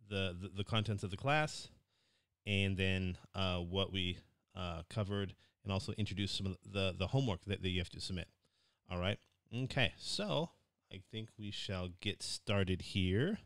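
A man's voice: fairly low pitch, clear, resonant tone, no room sound, studio quality. An American man lecturing as a university English teacher, giving a casual recorded class summary with frequent fillers and restarts. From United States. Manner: relaxed, repetitive with many fillers and restarts.

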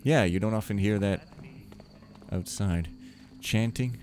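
Taking it slowly in a lowish voice, a let's play host mutters wry jokes to himself while he plays. His commentary rambles, and game music sounds behind him.

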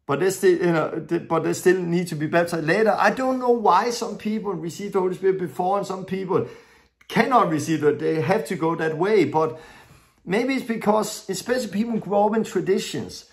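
Earnest preacher with English. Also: male voice, high voice, brisk. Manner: earnest, storytelling, non-native English with grammar slips. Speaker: preacher teaching a lesson. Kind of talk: sermon-style teaching with stories.

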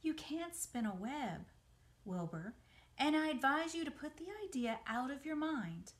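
Brief: a woman doing a wise gentle spider from a storybook, soft and patient, unhurried. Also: high-pitched, very animated, voice pushed up. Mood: gently advising. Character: wise, calm female spider.

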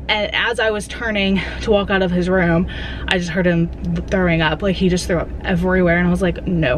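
A young woman, a mother and vlog host, casually telling her viewers a story straight to camera. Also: medium pitch. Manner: chatty, animated storytelling, addresses viewers directly. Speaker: vlogger mother. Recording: noisy background.

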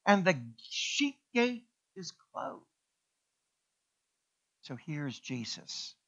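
A man preaching a sermon in a high, bright, forceful voice. He swings from hushed, low lines to loud rising proclamations and has the congregation repeat after him. The recording sounds dull and muffled. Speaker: pastor.

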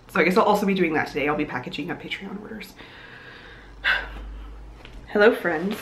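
A woman's voice: fairly low pitch, a little fast, pauses often. A young woman chatting casually and upbeat in a home vlog, thinking aloud as she goes. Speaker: vlogger. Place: home room. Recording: echoey room, faint noise.

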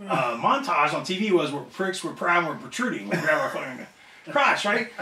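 Animated man telling a profane story. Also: on the high side, gravelly. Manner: animated, profane, acts out other people's voices. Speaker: wrestler interview guest. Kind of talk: casual storytelling. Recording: roomy echo, somewhat off-mic.

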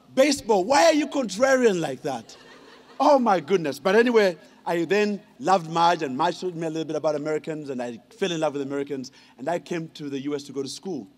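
Give me a man with a high voice, telling funny stories in a lively ceremony speech. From Uganda. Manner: animated, teasing the audience with questions. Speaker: honorary degree recipient giving a speech. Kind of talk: humorous ceremonial speech, storytelling.

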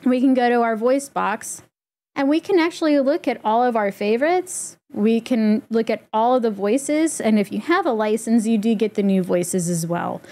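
A woman walking through a software setup in a casual, chatty tutorial, explaining step by step with easy fillers. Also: on the high side, normal speed. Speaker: streamer giving a setup tutorial. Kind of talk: casual screen-recorded tutorial.

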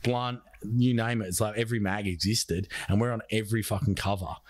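Profane, low-voiced Australian man. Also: brisk, dry recording. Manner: profane, animated, acts out quoted dialogue. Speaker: podcast guest. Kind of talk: casual storytelling chat.

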